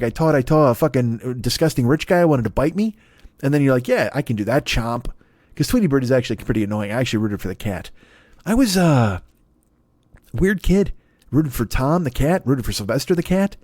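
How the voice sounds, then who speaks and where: A man's voice: medium pitch, darkish tone, dry recording. Swearing, rambling comic man, dry mic. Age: 40s. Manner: profane, riffing, self-interrupting with asides and laughs. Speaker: comedian hosting a solo podcast. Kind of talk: rambling stand-up style monologue.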